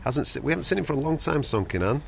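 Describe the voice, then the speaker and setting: Host: gravelly man, lively delivery, casual fight chat, light background hum. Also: mid-range voice. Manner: chatty, jokey, quick asides.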